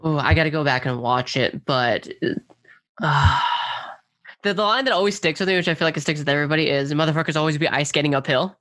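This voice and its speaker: A man's voice: fairly high pitch, fast talker, bright, forceful tone. A man co-hosting a podcast, talking in an easygoing, self-deprecating way. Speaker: podcast co-host. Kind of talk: casual chat.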